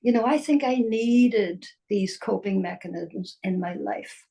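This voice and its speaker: Slow, husky older woman. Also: mid-range voice. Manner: slow and musing, drops into soft whispers. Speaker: spiritual teacher. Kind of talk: reflective spoken talk.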